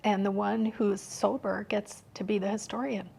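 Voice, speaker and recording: A woman speaking as a podcast guest in an open, personal conversation. She talks softly and haltingly and often drops to a hushed near-whisper. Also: mid-range voice, little pitch movement, vocal fry, breathy edge.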